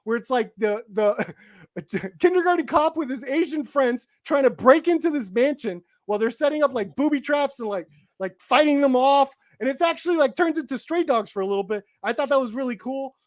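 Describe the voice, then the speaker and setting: A man co-hosting a casual podcast, recapping a movie in a rambling, halting way with many restarts. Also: very high voice, lively intonation, no echo. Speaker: co-host reviewing a movie.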